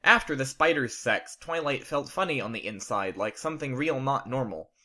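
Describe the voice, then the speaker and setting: Narrator: man, bright tone, deadpan straight read, home mic. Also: medium pitch, moderate pace. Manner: straight-faced, reads mistakes as written. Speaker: narrator, fan fiction reader. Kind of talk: deadpan storybook reading. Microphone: home condenser microphone.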